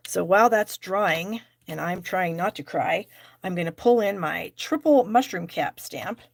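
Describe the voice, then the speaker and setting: A woman's voice: on the low side, vocal fry, no echo. Chatty woman leading a stamping class. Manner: chatty, self-deprecating, talks to herself. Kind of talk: live crafting demonstration.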